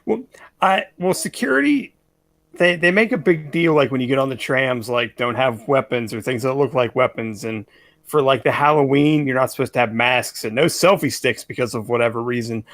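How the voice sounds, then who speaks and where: A man's voice: mid-range voice, a bit bright, no room sound. A man co-hosting a casual podcast chat, telling a story in a rambling way, full of "like"s. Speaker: podcast co-host.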